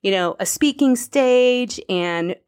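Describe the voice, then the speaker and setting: A woman hosting a weight loss podcast, talking in an energetic, motivational way, cheering listeners on and laughing off her own slips. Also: on the high side, slow, clean tone. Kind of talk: upbeat motivational podcast talk.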